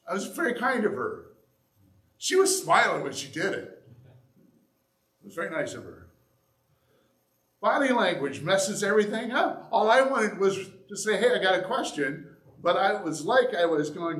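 A man preaching a sermon, animated and acting out little examples as he goes. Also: high voice, measured pace, pauses often. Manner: animated, acts out examples with shifts in loudness. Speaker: pastor. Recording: echoey room.

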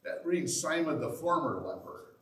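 Recorded on a distant mic in an echoey room, this male pastor speaks at a moderate pace in a fairly high, somewhat bright voice. He's expressive, relating the sermon's story in a conversational way and dramatizing the quotes.

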